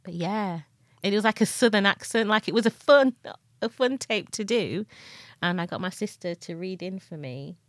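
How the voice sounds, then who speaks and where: A woman's voice: medium pitch, no room sound, studio quality. Northern English woman, chatty podcast co-host. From northern England. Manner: chatty, laughs often, acts out quick voices in stories. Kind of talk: casual chat.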